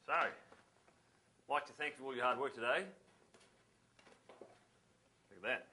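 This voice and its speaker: An actor with a New Zealand accent playing a blunt, swearing would-be politician who quickly gets indignant. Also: male voice, medium pitch, pushed and bright. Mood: blustering. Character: brash, blustering male would-be politician. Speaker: election candidate. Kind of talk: mockumentary acting.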